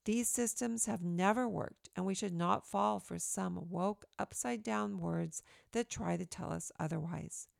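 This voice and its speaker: Gravelly-voiced woman reading her essay. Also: medium pitch, unhurried, hardly any pauses, no echo, studio quality. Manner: earnest, emphatic, steady. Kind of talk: read-aloud opinion essay.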